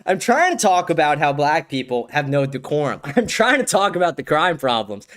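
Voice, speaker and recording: A man hosting his own livestream talks in a loose, rambling, profane flow and laughs often. His voice sits a little high for a man and swings up and down a lot. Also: sing-song, moderate pace, a bit bright. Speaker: livestream host. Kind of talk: casual livestream chat.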